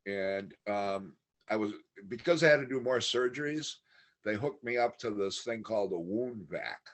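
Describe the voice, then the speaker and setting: A man's voice: lowish voice, animated, normal speed. Man, podcast guest, casual interview, candid, matter-of-fact storytelling. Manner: candid, matter-of-fact retelling of a long ordeal.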